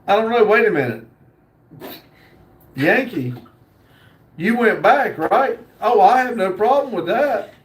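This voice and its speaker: Man, high voice, roomy echo, casual livestream chat, joking, pauses a lot. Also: animated. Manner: slow drawl, unhurried, joking, with frequent "uh" pauses. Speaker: livestream host. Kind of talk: casual livestream chat, reading viewer comments aloud.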